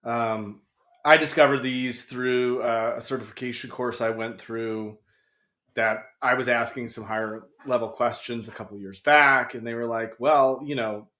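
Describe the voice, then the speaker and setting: A man's voice: mid-range voice, steady tone, moderate pace, pushed and bright, reverberant. A man guesting on a podcast, chatting casually and telling anecdotes. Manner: chatty, storytelling, laughs often.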